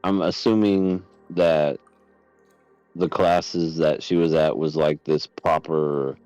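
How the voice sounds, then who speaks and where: A man's voice: rumbling low, steady tone, slow, darkish tone, smooth, no echo, lo-fi sound, soft background music. A man co-hosting an anime podcast, talking in a laid-back, rambling way with hesitant restarts. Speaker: podcast co-host. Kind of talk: casual chat.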